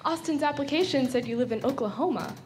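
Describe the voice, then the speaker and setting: Polite high-voiced woman caller. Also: fast, a little mellow, slight background noise. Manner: polite, formal phone manner. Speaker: caller checking references. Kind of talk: comedy sketch acting.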